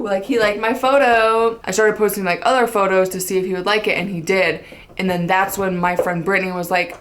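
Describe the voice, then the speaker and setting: A woman's voice: medium pitch, moderate pace. A young woman casually telling a funny personal story, chatty and self-mocking, swearing freely and acting out what people said. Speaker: vlogger telling her story.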